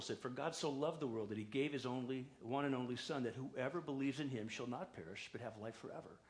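Man preaching a conversational sermon. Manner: conversational storytelling preaching, acts out quotes with raised pitch. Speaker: pastor. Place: church sanctuary.

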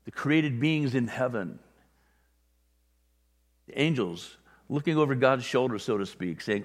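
A man preaching a sermon in a conversational way, briefly acting out the voices of people he describes. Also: medium pitch. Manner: conversational, acts out little quoted voices. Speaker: pastor. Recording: long hall reverb.

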